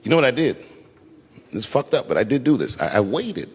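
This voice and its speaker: A middle-aged man doing a stand-up comedy routine, telling a story with lively acted-out quotes. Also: medium pitch, a little fast. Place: large theater stage. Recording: reverberant hall with crowd noise. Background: audience laughter.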